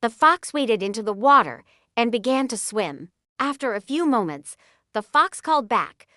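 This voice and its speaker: Animated woman reading a children's story. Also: fairly high pitch, normal speed, no room sound, studio quality. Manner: expressive, animated.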